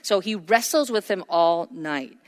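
A woman's voice: fairly low pitch, lively intonation, a little slow. Woman preaching in a reverberant hall. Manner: earnest, emphatic, with frequent fillers. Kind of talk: sermon.

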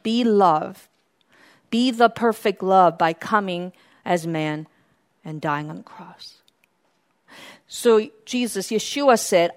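Slow, impassioned woman preaching a sermon. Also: medium pitch. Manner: swings from hushed murmurs to fervent near-shouting.

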